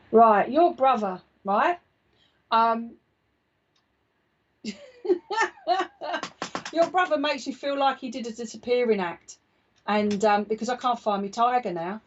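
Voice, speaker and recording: A woman's voice: medium pitch, highs cut off, a little hiss or hum. A woman working as a psychic medium, giving a live reading in a chatty, reassuring way and often checking in with her listener.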